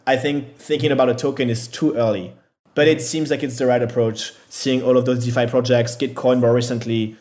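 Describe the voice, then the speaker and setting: A man's voice: medium pitch, little pitch movement, brisk, darkish tone. A man, a startup founder being interviewed, answering casually with lots of fillers and restarts. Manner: hesitant, filler-heavy, self-deprecating.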